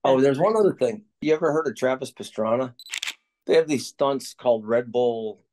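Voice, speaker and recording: Slight background noise accompanies this man's mid-range, slightly mellow voice at a normal pace. Now in his sixties and retired from motorcycle stunt riding, he reminisces easily in a folksy style, laughing at the stories he tells.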